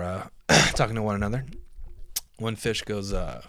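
A man's voice: lowish voice, normal speed, pauses often, a bit bright, dry recording, clean studio sound. A man hosting his own podcast in a casual solo monologue, rambling and joking with lots of swearing. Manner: profane, rambling, jokey. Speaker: podcast host.

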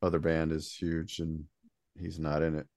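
A man hosting a podcast, asking questions and chiming in with relaxed, chuckling asides. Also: extremely low pitch, normal speed, no echo, clean studio sound. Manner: laid-back, chuckling asides. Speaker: podcast host. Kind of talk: casual interview chat.

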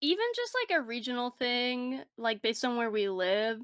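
A young woman in casual podcast chat, reacting with quick quips. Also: a little high, sing-song, a bit bright, smooth. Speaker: podcast co-host.

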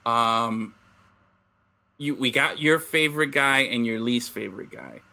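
Bright-voiced excitable man chatting. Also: medium pitch, vocal fry. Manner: excitable, swears, laughs a lot, does quick impressions. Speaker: podcast host. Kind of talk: casual chat.

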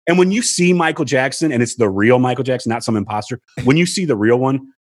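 A man tells a story in a relaxed chat, his slightly husky voice swinging wildly in pitch as he plays every person in it. He swears freely and keeps the listener hooked. The sound is dry, with no room around it. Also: fast, no room sound. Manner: animated, acts out quotes with big pitch jumps, swears freely. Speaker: storyteller guest. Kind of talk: casual chat, animated anecdote.

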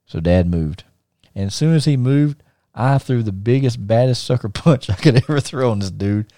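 A man's voice: medium pitch, moderate pace, dry recording, studio quality. A middle-aged man, hosting a podcast and telling a story in casual chat, acting out the voices of the people in it. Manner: animated storyteller, acts out quoted voices; frequent fillers and restarts. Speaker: podcast host.

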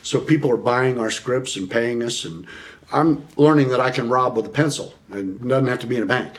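Speaking at normal speed in a mid-range voice, a middle-aged American man shares prison stories as an interview guest on a podcast. Slight background noise is present; he swears freely, acts out quoted voices, and laughs often.

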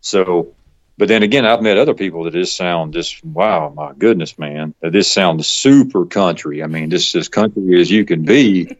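A middle-aged man with a thick Georgia drawl talks loosely in an interview, circling his points with fillers and chuckling often. His voice sits low. The recording sounds dull and lo-fi. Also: moderate pace. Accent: Southern US (Georgia). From Georgia, US South. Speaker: guest. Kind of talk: casual interview chat.

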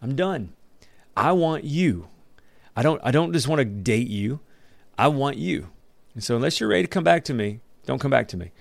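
A man's voice: mid-range voice, expressive, fast talker, creaky, hardly any pauses, dry recording. A man speaking as God, blunt and loving. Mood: firm. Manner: blunt, everyday speech. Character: God as a firm, loving male deity.

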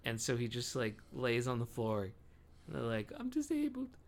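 In a flat, medium-pitched delivery that runs a little slow, a young man rambles through stories on the casual podcast he co-hosts. His storytelling is loaded with swearing.

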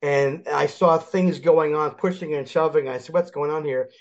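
An older man from Philadelphia, a guest in a casual sports chat, telling lively stories and acting out the people in them. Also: a little high, moderate pace. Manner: animated storyteller, acts out quoted voices. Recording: dull lo-fi audio.

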